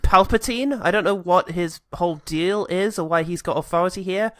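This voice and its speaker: A man's voice: high voice, moderate pace, a bit bright, no echo, studio quality, soft background music. Sarcastic, swearing man. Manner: profane, sarcastic, often slipping into mock voices. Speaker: podcast co-host. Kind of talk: casual comedic film chat.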